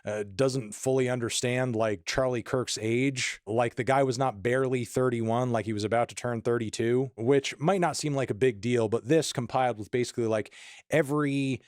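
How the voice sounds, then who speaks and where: A man giving video commentary in a measured, scathing tone as an online critic. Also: mid-range voice, fairly even intonation, darkish tone, no room sound, clean studio sound.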